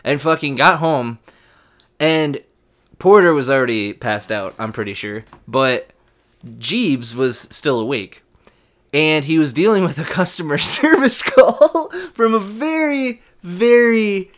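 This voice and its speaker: A young man co-hosting a podcast, telling a funny work story in casual chat, with lots of swearing and laughter. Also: mid-range voice. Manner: laughing, profane, animated storytelling. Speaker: podcast co-host.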